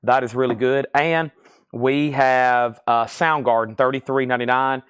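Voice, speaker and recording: Running a live-stream record sale, this man chats away, calling out albums and prices and wandering off between items. His medium-pitched voice is steady, fairly bright, clear and resonant, at normal speed, with studio-quality sound and no room echo.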